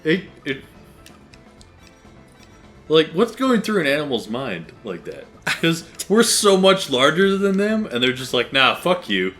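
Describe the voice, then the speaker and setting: Lively, bright-voiced young man. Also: a little high, a little slow, long pauses, faint music behind. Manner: animated, acts out voices in his stories. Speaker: let's play co-host. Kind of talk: casual gaming chat.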